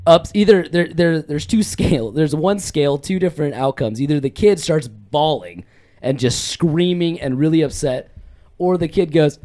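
A man's voice: fairly high pitch, moderate pace, warm tone. Jokey young man in casual chat. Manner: jokey, laughs through his lines.

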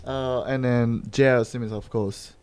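Mellow, hesitant radio host. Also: male voice, medium pitch, unhurried, smooth, no echo. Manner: relaxed, hesitant with many fillers. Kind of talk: casual radio chat.

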